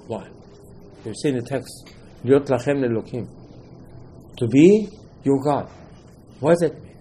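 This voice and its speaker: A man with a mid-range, darkish voice teaches Torah in a sermon, with slight background noise. He is emphatic, repeats phrases, quotes texts in dialogue and speaks English with non-native phrasing.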